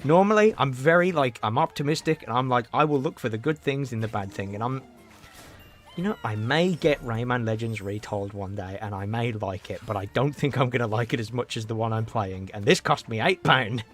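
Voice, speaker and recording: A man's voice: mid-range voice, fairly quick, faint music behind. A man chatting casually on a game livestream, rambling and answering his chat. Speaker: game streamer.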